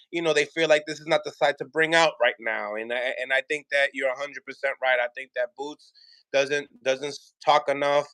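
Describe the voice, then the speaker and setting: A man's voice: a little high, a bit bright, no echo. Casual male podcast host, dry sound.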